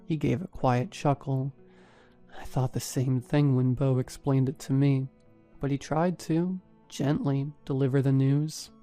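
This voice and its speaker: A man narrating a first-person horror story in a steady, even storytelling manner. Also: mid-range voice, a little slow, faint music behind. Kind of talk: scripted narration.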